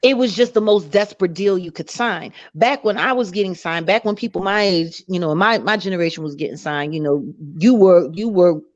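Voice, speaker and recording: A woman's voice: on the low side, a little fast, few pauses, no echo, highs cut off. A woman in her forties, a guest on a video call, talking in an emphatic, candid way and swearing freely. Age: 40s. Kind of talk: casual chat on a live online show.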